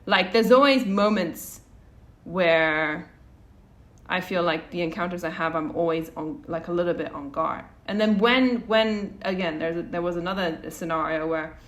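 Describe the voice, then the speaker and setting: Woman podcast co-host, lower register, rambling storyteller full of fillers and restarts. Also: normal speed. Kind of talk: casual conversational storytelling.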